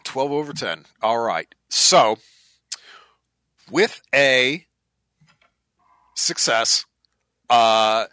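Guy running a tabletop game, kinda bright sharp voice, rambly and casual, dry mic. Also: mid-range voice, drawn-out words, long pauses, clear, resonant tone, no room sound. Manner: rambling, casual, laughs a lot, swears. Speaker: game master.

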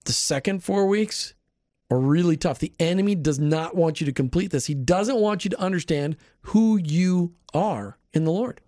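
A man's voice: high voice, normal speed, dark tone, no room sound, studio quality. A man hosting a Christian radio show, talking emphatically and enthusiastically to his guest and directly to his listeners. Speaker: radio host. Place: radio studio.

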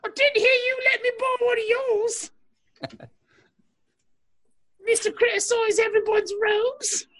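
A woman's voice: very high voice, steady tone, measured pace, pauses often, fairly bright tone, pitched above the performer's own voice. A woman putting on a theatrical mock-British accent as a pompous, indignant court official defending her robe. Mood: huffy, indignant.

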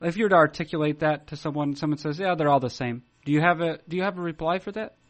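A man with a notably high speaking voice chats casually on a podcast. He tells stories haltingly, circling back and restarting his sentences. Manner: rambling, halting storyteller with many restarts. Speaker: podcast co-host.

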